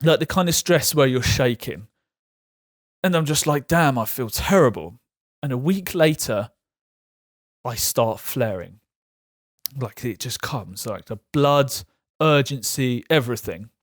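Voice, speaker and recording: A vlogger speaks candidly to camera about his experience as a patient, frank and halting, laughing his way through hard topics. His medium-pitched voice has a dry, close sound.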